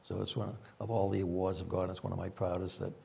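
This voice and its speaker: A man's voice: low voice, level tone, fast talker, creaky, dark tone, breathy edge. An older man with a Boston accent, a former police chief telling rambling anecdotes with frequent fillers at a conference panel.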